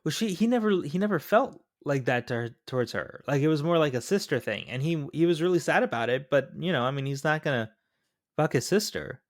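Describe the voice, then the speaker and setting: A man's voice: on the high side, animated, fairly quick, no room sound, clean studio sound. A man co-hosting a casual podcast who questions and picks apart plot holes. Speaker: podcast co-host. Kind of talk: casual chat.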